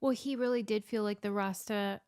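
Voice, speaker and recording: Lady podcast cohost with a bit of fry in her voice, chatty and wry, just talking casually. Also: mid-range voice, fairly even intonation, moderate pace, a little mellow. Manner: chatty storyteller, wry asides. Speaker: podcast co-host. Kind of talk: casual chat.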